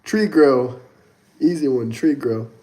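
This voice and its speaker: A man's voice: medium pitch, takes it slowly, mellow. A man hosting a casual livestream, reading super chats aloud and taunting commenters, coughing now and then. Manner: mocking, taunting. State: sweaty, coughing. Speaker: livestream host.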